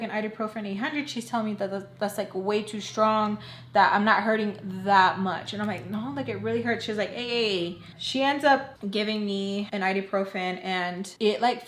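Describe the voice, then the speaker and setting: A young woman telling a personal story to her viewers in a loose, chatty way, full of "like" and quick quoted lines from others. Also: medium pitch, fairly bright tone. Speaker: storytime vlogger. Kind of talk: casual storytelling. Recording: echoey room.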